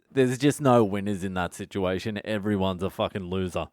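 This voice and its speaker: A man's voice: sits low, fairly quick, few pauses, darkish tone, no room sound. Man, comedian host, foul-mouthed, sarcastic, dry recording. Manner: profane, blunt storytelling with sarcastic asides. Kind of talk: casual solo storytelling podcast. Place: at home at night.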